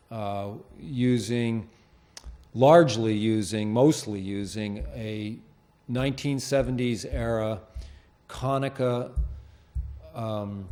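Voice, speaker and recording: Male host, slow unhurried delivery, hesitant with lots of uhs, small-studio public access feel. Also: medium pitch, darkish tone. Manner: halting, many fillers and restarts. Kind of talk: casual unscripted presentation. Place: TV studio with green screen.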